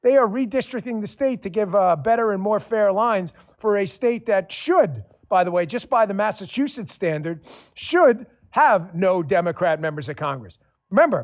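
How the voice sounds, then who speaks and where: A man hosting a political talk show, delivering a sarcastic, combative monologue and swearing freely. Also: high voice. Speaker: show host.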